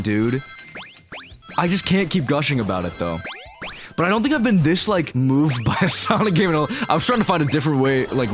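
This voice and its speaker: A young man gushing through let's-play commentary, casual and excited, with slang and swearing. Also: mid-range voice. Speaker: gaming streamer.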